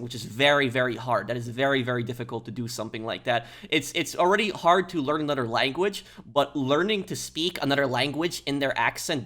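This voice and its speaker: Male gamer, casual commentary, halting, lots of ums. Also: mid-range voice, bright, forceful tone. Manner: halting, many fillers, explaining. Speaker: gameplay commentator.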